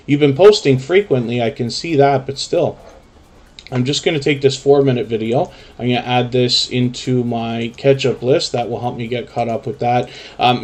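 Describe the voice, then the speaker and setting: A man's voice: medium pitch, a little mellow. A man hosting a casual live stream, reading chat names aloud and chatting with frequent ums. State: sleepy, yawning.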